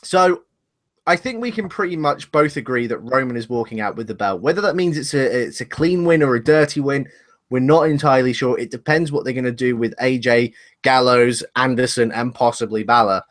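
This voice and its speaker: Talking over a webcam at a fairly quick clip, this podcast co-host has a medium-pitched voice. On the casual live discussion show he rambles and speculates, often laughing at himself.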